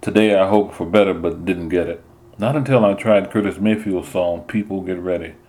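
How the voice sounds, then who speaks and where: A man narrating a first-person story in a measured storytelling manner. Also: low-pitched, a little mellow. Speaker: audiobook narrator.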